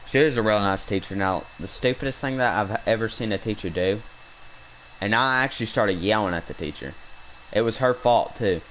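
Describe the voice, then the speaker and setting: Young man rambling, lowish voice. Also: normal speed, fairly bright tone, a little hiss or hum, rough recording. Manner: rambling, indignant, restarts a lot. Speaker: hunting vlogger. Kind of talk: casual storytelling. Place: outdoors while hunting.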